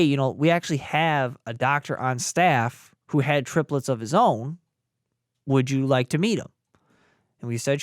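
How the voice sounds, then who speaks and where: A man's voice: mid-range voice, clear, resonant tone, no echo, studio quality. A young man, a podcast co-host, casually telling a story and acting out the voices of the people in it. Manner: animated, acts out voices in the retelling.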